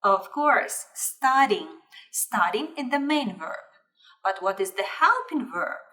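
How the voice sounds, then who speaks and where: A woman teaching an English grammar lesson, repeating her example sentences slowly and clearly. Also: a little high, lively intonation, sharp tone, recorded from a distance. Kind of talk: slow, deliberate grammar lesson.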